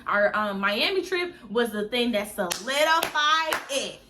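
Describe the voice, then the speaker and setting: A woman telling a story in casual chat with her best friend, animated and laughing as she talks. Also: on the high side, unhurried, noisy background.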